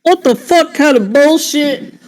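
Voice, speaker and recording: A man's voice: very high voice, a little slow. A man playing a tabletop game, talking incredulously and swearing with laughter. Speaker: player.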